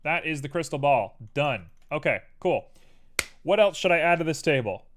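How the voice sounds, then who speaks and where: A man's voice: fairly high pitch, lively intonation, moderate pace, a little hiss or hum. A man hosting a live stream, casually chatting and thinking aloud to viewers as he builds a 3D model.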